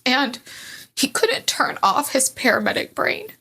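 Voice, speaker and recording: A woman's voice: high voice, very animated, unhurried, pushed and bright, slightly rough. A woman telling her own story as a podcast guest, candid and emotional, rambling with fillers. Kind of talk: personal storytelling in a podcast interview.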